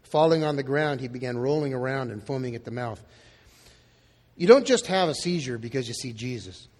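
A man's voice: medium pitch, lively intonation, brisk, a little mellow, in a large hall. A male pastor preaching a sermon in a casual, conversational way, acting out the quoted lines. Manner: conversational, acts out quotes in dialogue.

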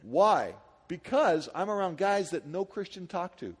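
A male pastor delivering an energetic sermon, speaking high and swinging widely between loud peaks and quiet asides. He peppers his congregation with rhetorical questions in a casual, conversational way. His voice carries a long reverb from a large hall. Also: measured pace, husky.

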